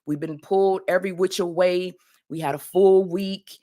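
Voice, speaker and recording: Woman host, slightly low voice, motivational faith talk full of "come on, y'all". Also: fairly even intonation, moderate pace, dark tone. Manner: preacherly call-and-response, often says "y'all". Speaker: podcast host and life coach.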